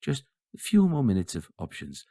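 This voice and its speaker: A man mimicking a falsely cheerful automated phone menu voice, slow and drawn out. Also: medium pitch, huge pitch swings, mellow, slightly rough, dry recording, studio quality, voice pushed up. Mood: droning.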